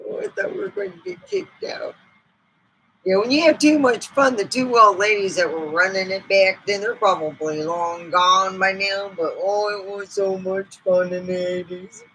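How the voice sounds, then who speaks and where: A woman's voice: medium pitch, normal speed, bright, forceful tone, a little hiss or hum. A middle-aged woman vlogger in rambling, joking casual chat, laughing often.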